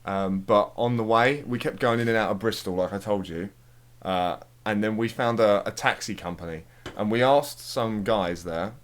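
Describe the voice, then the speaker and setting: A man's voice: fairly low pitch, moderate pace. A man, commentating on a game and telling a rambling, sweary story to a friend. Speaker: let's play commentator. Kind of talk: casual chat over gameplay.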